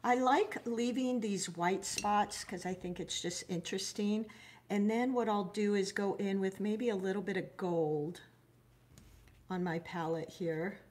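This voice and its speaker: A woman's voice: medium pitch, fairly even intonation, measured pace, a little mellow. A middle-aged woman runs a live watercolor lesson in a friendly, chatty way. She greets her viewers by name and often trails off or restarts mid-thought. She jokes about her own shortcomings as she goes. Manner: self-deprecating, loses her thread mid-sentence. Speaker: watercolor art teacher. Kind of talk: live-streamed painting lesson.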